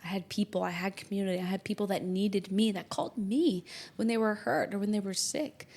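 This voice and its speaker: A woman astrologer hosting a podcast in casual, animated talk, joking and acting out little imagined quotes. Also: medium pitch, vocal fry. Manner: animated, jokey, acts out imagined quotes in varied voices.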